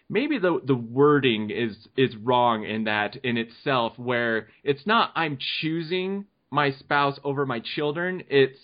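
A young man hosting a family podcast, talking easily, laughing and rambling through his thoughts. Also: medium pitch. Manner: easygoing, laughing, rambling with restarts. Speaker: podcast host. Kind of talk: casual podcast chat. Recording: dull lo-fi podcast audio.

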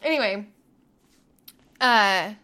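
A woman in her thirties co-hosting a podcast, telling family stories in a casual, animated way, laughing and acting out quotes. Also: mid-range voice, very slow. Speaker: podcast co-host. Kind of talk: casual storytelling chat.

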